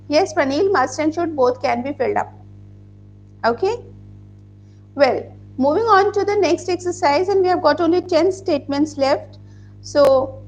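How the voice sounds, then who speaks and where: Teaching grammar online, a woman whose voice sits high reads student answers aloud, patiently explaining and spelling each word out letter by letter. Slight background noise can be heard.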